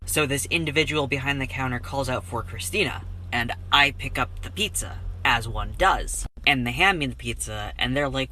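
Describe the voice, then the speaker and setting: A man telling a casual storytime in a dry, deadpan way. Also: medium pitch, moderate pace, few pauses, a little hiss or hum, low-quality recording.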